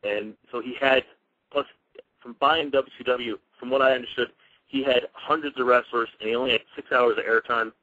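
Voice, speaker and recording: A man's voice: mid-range voice, fairly even intonation, moderate pace, bright, forceful tone, dry recording. A former pro wrestler, a man, telling stories in a casual radio interview and acting out the dialogue as he goes. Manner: rambling, with many restarts and quoted dialogue. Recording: dull lo-fi radio audio.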